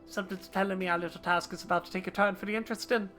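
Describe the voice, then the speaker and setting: A woman's voice: medium pitch, fairly even intonation, very fast, fairly bright tone, natural voice. A wry male rogue full of old slang, cocky and knowing, as a woman reads him aloud. Faint game music plays behind him. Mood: sly. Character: slangy roguish male thief, sly and wry.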